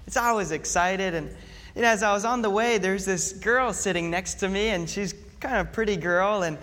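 A pastor preaching a sermon, telling a story in an animated way and acting out mock panic. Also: male voice, high-pitched, fairly quick. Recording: long hall reverb.

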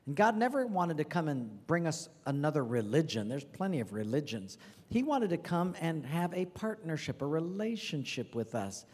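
A man's voice: a little high, big pitch swings, moderate pace, a little mellow, slightly rough. A man, the pastor, closing the service with an earnest exhortation. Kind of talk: sermon. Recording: reverberant hall.

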